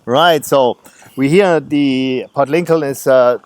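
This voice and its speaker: A man with a German accent, a travel vlogger interviewing a guide in a friendly way, pausing often for words. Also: medium pitch. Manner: friendly, searching for words, many fillers. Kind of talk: casual interview.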